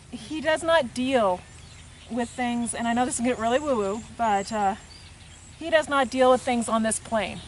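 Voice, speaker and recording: Soft-spoken woman explaining hands-on work. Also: a little high, a little hiss or hum. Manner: soft-spoken, murmurs gently to the horse between explanations. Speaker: equine therapist. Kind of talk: hands-on demonstration narration. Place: outdoors with a horse, rural setting.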